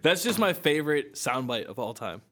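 A young man co-hosting a podcast in casual chat, excitable and egging his co-host on. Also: on the high side, normal speed.

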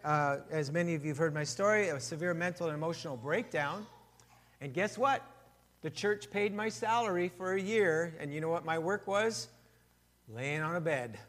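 A male pastor delivers a sermon in a high, light voice that rings out in a hall with a long tail of reverb. His talk is conversational, full of questions to the congregation, and he sinks to a hush when he makes personal admissions. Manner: drops to a hushed voice for personal admissions.

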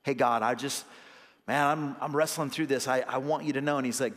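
A man's voice: medium pitch, fairly even intonation, brisk, a bit bright, in a large hall. A young adult male associate pastor delivering a sermon, earnest and conversational, swelling into emphatic bursts. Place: church sanctuary.

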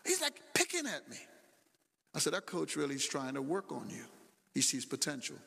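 A man's voice: a little high, wildly swooping pitch, normal speed, vocal fry, sharp tone, husky. A middle-aged male pastor preaching a sermon in a church, talking animatedly and repeating phrases for emphasis. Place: church sanctuary. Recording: long hall reverb.

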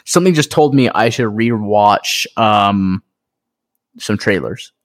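A man co-hosting a casual gaming podcast, talking in an excitable, rambling way with lots of fillers. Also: on the low side, slow pace. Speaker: podcast co-host. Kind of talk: casual chat.

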